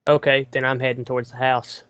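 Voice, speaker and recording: Flat-voiced man playing a tabletop game. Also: mid-range voice, a little fast, clear, resonant tone, dry recording. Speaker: player. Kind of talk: casual tabletop play. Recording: dull lo-fi sound, dry room.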